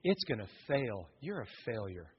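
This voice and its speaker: A man's voice: lowish voice, very animated, moderate pace, husky, long reverb tail, dull audio, pitched below the performer's own voice, heavily acted. A man acting out the devil as a cold, mocking whisper in a sermon. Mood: taunting. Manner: mocking, belittling, hushed.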